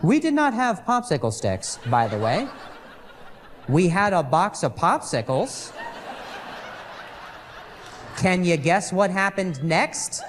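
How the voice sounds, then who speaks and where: A man performing a live stand-up comedy set, with a halting delivery that repeats words and hums between phrases. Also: sits high, big pitch swings, slight background noise.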